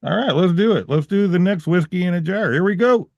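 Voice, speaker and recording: A man's voice: high voice, animated, brisk, a little mellow, dry recording. A man co-hosting an online music show with laid-back, joking banter. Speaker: radio DJ co-host. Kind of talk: casual on-air chat. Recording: dull, lo-fi mic sound.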